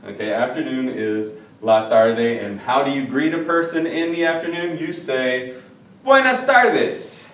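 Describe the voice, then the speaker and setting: A man's voice: medium pitch, fairly even intonation, normal speed. A male Spanish teacher giving a recorded lesson in a chatty way, repeating phrases and checking in with his listeners. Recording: echoey room, mic at a distance.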